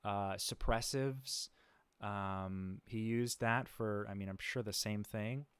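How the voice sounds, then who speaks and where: His lowish voice is steady, smooth and a bit bright, and he speaks slowly with no echo in the recording. Hosting a livestream, he chats in a laid-back way, chuckling often and using lots of fillers and restarts.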